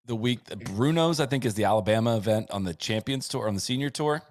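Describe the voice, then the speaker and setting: A man hosting a podcast in casual chat, rattling off lists of stats with quick asides. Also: mid-range voice, expressive, no echo, studio quality. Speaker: podcast host. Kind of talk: casual chat recapping a sports season.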